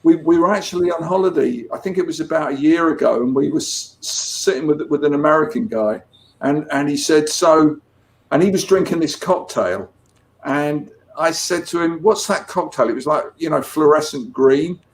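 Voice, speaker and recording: Speaking at a normal pace in a slightly high voice, a man from England, a comics artist, is a chatty interview guest. He tells stories in a relaxed way, frequently breaking off to restart.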